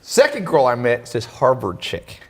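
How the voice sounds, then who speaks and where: Guy telling a story on a talk show, lively, does the voices, echoey hall sound. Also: medium pitch, normal speed, slightly rough. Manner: animated, acts out quoted voices. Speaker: podcast host. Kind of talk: storytelling in casual chat.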